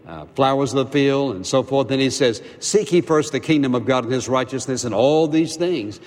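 A man preaching a sermon as a pastor, emphatic, asking rhetorical questions and slowing down to stress key phrases. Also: mid-range voice. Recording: long hall reverb.

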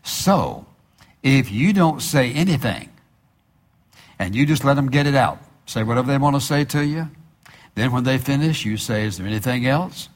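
A man preaching a sermon as a pastor. He slows down to stress key phrases, repeats them, and asks the listeners questions that he answers himself. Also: mid-range voice, animated.

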